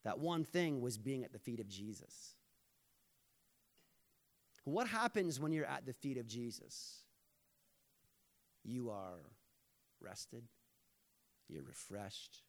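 Taking it slowly with long pauses, a male pastor gives a relaxed, conversational sermon at an ordinary male pitch. He jokes comfortably with the congregation and turns earnest when driving his point home.

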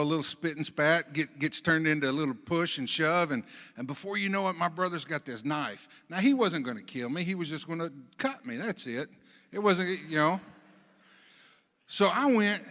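A man preaching a sermon, telling folksy stories between Bible readings, swinging from soft asides to loud emphasis. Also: a little high, big-room sound. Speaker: pastor.

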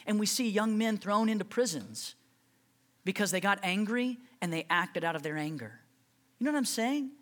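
Using a mid-range voice, a pastor delivers a lively, conversational sermon full of rhetorical questions.

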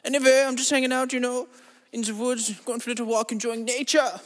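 A man's voice: very high-pitched, little pitch movement, quick pace. A man voicing a rambling, self-absorbed eccentric in a comedy monologue, drawling and meandering, then turning suddenly crude. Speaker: comedy podcast host. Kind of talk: absurd comic monologue in a character voice. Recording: long reverberant echo.

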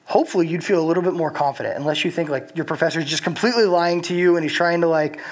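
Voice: mid-range voice, rapid-fire. A young adult preacher giving a casual sermon, telling the story in a chatty way with lots of filler words.

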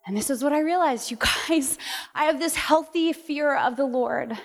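A woman's voice: high voice, brisk. A woman in her thirties giving a candid sermon testimony, telling stories with laughter and acted-out voices. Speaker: speaker. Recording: long hall reverb.

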